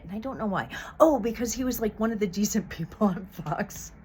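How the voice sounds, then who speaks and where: A woman's voice: medium pitch, lively intonation, brisk, few pauses, a little hiss or hum. A woman vlogger giving blunt, heated commentary to the camera, swearing often. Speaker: true crime vlogger. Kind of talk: casual opinionated commentary.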